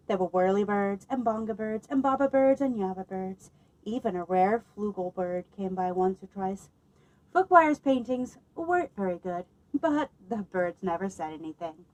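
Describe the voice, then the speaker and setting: A woman librarian reading a picture book aloud at children's story time, expressive and lively, pausing to ask her listeners questions. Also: a little high, low-quality recording.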